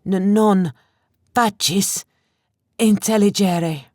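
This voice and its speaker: A woman's voice: slow, darkish tone, no echo, clean studio sound, lightly acted. A woman voicing a terrified captive man in armour who stammers and pleads desperately. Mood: pleading, terrified. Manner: stammering, desperate, high and strained.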